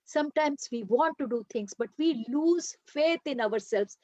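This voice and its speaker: A woman leading a workshop, telling a story to children in an animated way, in a dry, dull lo-fi recording. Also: sits high, measured pace, dry recording. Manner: animated, addresses listeners as "masters".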